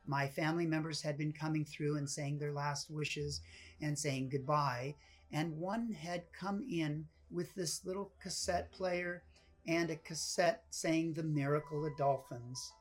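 A woman's voice: low voice, a little slow, soft background music. A woman guest telling a story in a casual interview, acting out the voices of people in it. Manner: animated, acts out quoted voices.

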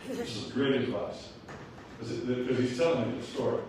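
A man's voice: mid-range voice, normal speed, darkish tone, a little hiss or hum. An older man from South Africa with a South African accent, preaching a sermon full of rhetorical questions and humorous asides. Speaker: pastor. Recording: echoey hall, voice from a distance.

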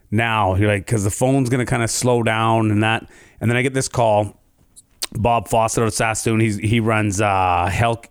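A comedian from Canada telling a story in casual chat, jumping into high voices to act out other people. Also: male voice, no room sound, studio quality.

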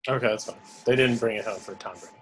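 A man's voice: fairly low pitch, fast talker, slightly rough, rough recording. A man co-hosting a casual sports podcast, laid-back and teasing, mostly giving short replies. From Philadelphia area. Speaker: podcast co-host.

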